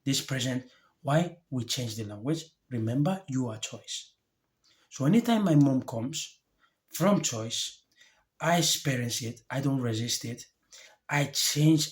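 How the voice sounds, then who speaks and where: Earnest male life coach, halting phrases. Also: mid-range voice. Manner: earnest, gentle, speaks in short halting phrases; heartfelt, openly emotional. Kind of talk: reflective motivational monologue to camera.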